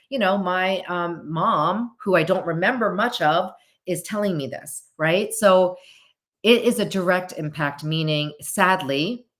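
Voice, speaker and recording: A middle-aged woman clinician chatting casually about a drama, animated and playful, with quick jumps in pitch. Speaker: clinician and commentator. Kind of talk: casual livestream commentary.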